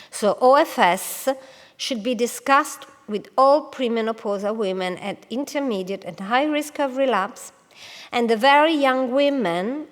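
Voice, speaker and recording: A woman oncologist giving a conference lecture to colleagues, careful and hesitant, with frequent pauses and restarts. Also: a little high. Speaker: oncologist presenting at a medical congress. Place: large congress hall. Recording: long hall reverb.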